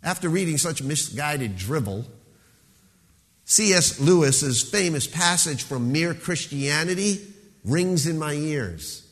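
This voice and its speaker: A man's voice: fairly high pitch, expressive. Emphatic preaching man in a reverberant hall. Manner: emphatic preaching, slowing down to stress key words. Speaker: pastor. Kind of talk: sermon.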